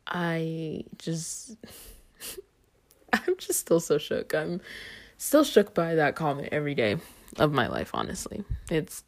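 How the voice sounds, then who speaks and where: A woman's voice: deep voice, very animated, takes it slowly, pauses often. A young adult woman hosting a podcast, telling a story in a casual, chatty way with lots of "like" and "um". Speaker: podcast host.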